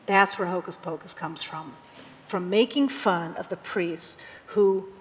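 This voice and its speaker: A woman pastor giving a sermon in a conversational preaching style, now and then reading scripture aloud with emphasis. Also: medium pitch. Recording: long hall reverb.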